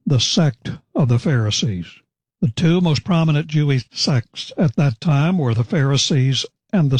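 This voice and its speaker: A man giving expository Bible teaching in a measured, explanatory way, slowing down for emphasis. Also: medium pitch, a little mellow, slightly rough, no room sound.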